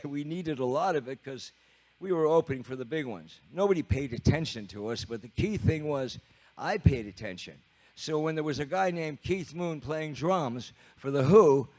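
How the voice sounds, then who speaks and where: Older Canadian drummer, animated on-stage storyteller, rambling, lively swooping pitch. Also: male voice. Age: 70s. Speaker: rock drummer and bandleader. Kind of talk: storytelling on stage between songs. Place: live concert in a TV studio.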